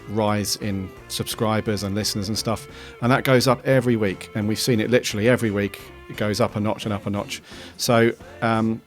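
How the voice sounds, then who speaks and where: Man, podcast host, low voice, easygoing and rambling, faint music behind. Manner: easygoing, thankful, rambling with ums. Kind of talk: casual chat.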